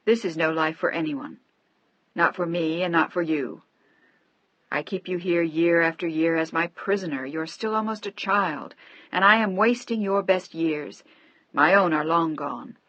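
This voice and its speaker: A woman doing a frail old husband, weary and soft. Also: on the low side, measured pace, no room sound, highs cut off. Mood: weary tender. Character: frail elderly bedridden husband, tender, wry.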